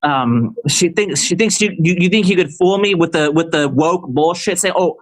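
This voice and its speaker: A man's voice: fairly high pitch, normal speed, rough recording. A man in casual livestream chat, answering a question in a rambling way, full of restarts and stammers, turning heated and confrontational as he rants. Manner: heated and confrontational when ranting.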